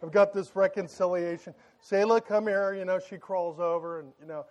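A man in his thirties, a pastor giving a sermon in church, telling joking family stories in a loud, excited way. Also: sits high, a little fast. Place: church sanctuary.

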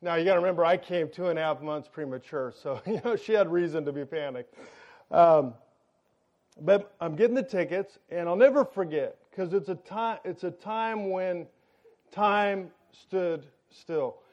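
A man preaching to a congregation, telling a personal story in an animated way and often turning to the audience with questions. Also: high voice, moderate pace, lo-fi sound. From United States.

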